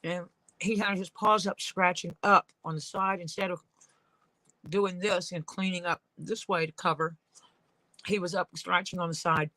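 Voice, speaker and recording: A woman's voice: on the low side, fairly even intonation, moderate pace, bright, forceful tone, no echo, rough recording. A woman leatherworker rambling through casual stories while she works at her craft. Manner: rambling, storytelling.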